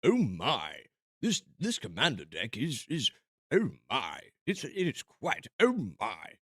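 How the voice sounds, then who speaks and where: A man doing an impression of a famous older male actor, drawling "oh my" in a lowered, put-on voice. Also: huge pitch swings, fairly bright tone, slightly rough, no room sound, studio quality, exaggerated voice. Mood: amused, theatrical. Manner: drawn-out "oh my" catchphrase.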